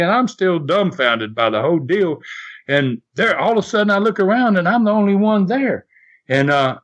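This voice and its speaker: An older man and podcast guest telling a rambling wrestling-days anecdote, chuckling and restarting as he goes. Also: high voice. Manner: rambling storyteller who chuckles and restarts often. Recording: lo-fi podcast audio.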